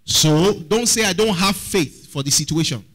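A man's voice: sits high, lively intonation, moderate pace, a bit bright, low-quality recording. A man preaching a sermon as pastor, often asking the congregation questions.

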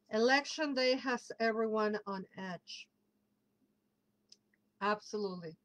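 A woman hosting a casual livestream, chatting warmly and reading out viewer comments as they come in. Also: a little high, rough recording. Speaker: livestream host and tarot reader.

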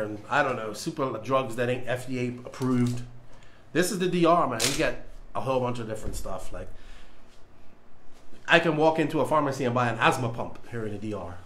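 A man's voice: medium pitch, fairly bright tone, slight background noise. A man hosting a casual livestream, joking nervously and stalling as he reads a label aloud. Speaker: podcast host doing a livestream. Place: home studio.

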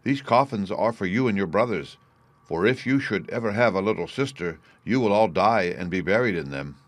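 A man voicing a sorrowful, loving queen speaking gently to her children in a fairy tale reading. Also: fairly low pitch, animated, normal speed, no room sound.

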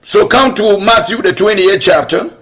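A man's voice: high voice, normal speed, a bit bright. A man preaching a sermon as pastor, emphatic and repetitive, asking rhetorical questions and pressing his point.

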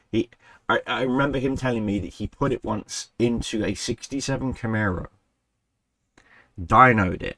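A man with a fairly low voice tells a rambling, profanity-laced story straight into a desk microphone. He backtracks and corrects himself as he goes. The sound is dry and close, with no room echo. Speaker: gaming channel host. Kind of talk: casual storytelling. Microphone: desk microphone he keeps bumping.

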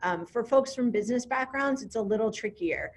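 A woman's voice: fairly high pitch, animated, brisk. A woman directing a program, speaking in a casual, upbeat way with frequent ums during an online information session.

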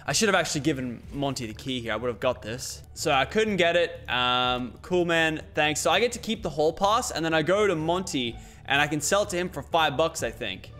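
Young man thinking out loud while he plays a game, swears a lot, fairly high voice. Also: animated, brisk, few pauses, soft background music. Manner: swears often, talks through his plans aloud. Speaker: gaming YouTuber. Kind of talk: casual let's-play commentary.

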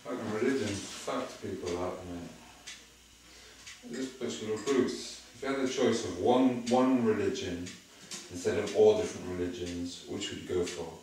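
A man's voice: fairly low pitch, normal speed, a little mellow. A man ranting to the camera, full of profanity. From England. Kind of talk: monologue to camera. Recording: echoey room, far from mic, noisy.

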